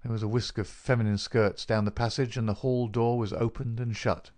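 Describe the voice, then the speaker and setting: A man narrating a classic detective story as an audiobook, measured and even. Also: fairly low pitch. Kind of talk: scripted narration.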